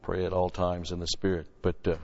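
A man teaching through Bible verses as a pastor, punching key words loudly and then dropping into quick, quieter asides. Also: deep voice, completely flat delivery. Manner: emphatic, swells loud on scripture then drops to asides. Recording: lo-fi recording with long hall reverb.

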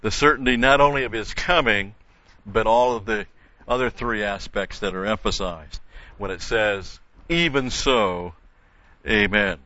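An older man teaches a Bible study at an unhurried, deliberate pace, his low voice bright and forceful as he restates key points for emphasis. He explains carefully, often restarting mid-phrase. The recording is dull and lo-fi with a dry, close sound. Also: no echo. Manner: measured, explanatory, with frequent restarts and emphatic repetition.

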